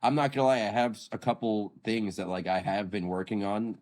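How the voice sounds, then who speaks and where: A man in his late twenties with a raspy voice, chatting casually as a podcast guest and rambling through animated stories. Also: fairly low pitch, brisk. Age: late 20s. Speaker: guest vocalist. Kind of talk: casual chat.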